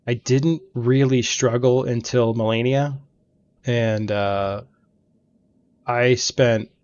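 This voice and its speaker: A man's voice: medium pitch, steady tone, takes it slowly, darkish tone, smooth, dull audio. Rambling man telling gaming stories. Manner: rambling, chatty storytelling. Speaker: let's play host. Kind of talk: casual gaming commentary. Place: home gaming room.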